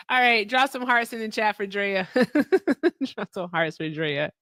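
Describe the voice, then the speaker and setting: A woman runs a live stream in a blunt, lively way, laughing often and hyping her viewers. Her voice sits mid-range for a woman. The sound is dry and close. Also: medium pitch, measured pace, few pauses, no room sound. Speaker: livestream host. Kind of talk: casual live-stream chat and debate.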